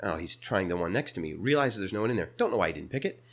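A young man casually telling a funny story, his voice jumping up high whenever he quotes people. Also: racing. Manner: animated, jumps to high pitch when quoting people.

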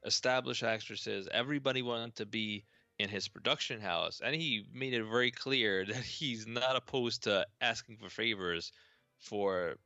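A man's voice: lowish voice, moderate pace, pushed and bright, dry recording, highs cut off. A man co-hosting a casual podcast discussion over a video call, blunt and wry, with a profane edge. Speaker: podcast co-host.

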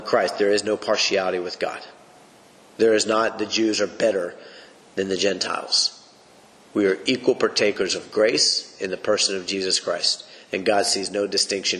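A man's voice: fairly low pitch, fairly bright tone. A man teaching the Bible on a podcast, preaching in an emphatic, folksy way. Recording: long reverb.

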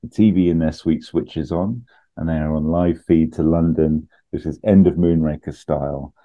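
A man co-hosting a podcast, casually pitching a film plot with lots of laughs and ums. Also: fairly even intonation, moderate pace, dark tone, muffled recording. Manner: chatty, laughs often, trails off with ums.

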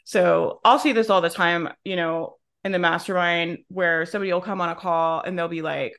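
Woman, podcast host, bright tone, emphatic, casual chat, business coach. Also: lowish voice, fairly even intonation, moderate pace, hardly any pauses. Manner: emphatic, talks through examples, acts out quotes.

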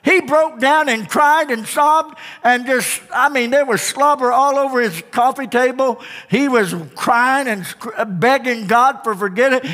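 A man's voice: very high voice, unhurried, hardly any pauses, pushed and bright, in a large hall. A young man preaching a sermon in an auditorium, telling a story animatedly and acting out the voices of people in it. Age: young adult. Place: large auditorium.

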